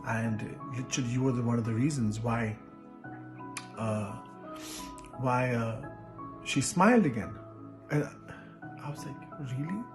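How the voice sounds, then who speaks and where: Guy vlogging an emotional story, earnest, lots of ums and restarts, mid pitch, faint music behind. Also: unhurried, long pauses. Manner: earnest, repetitive, many fillers and restarts. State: emotional, close to tears. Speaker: reality show contestant.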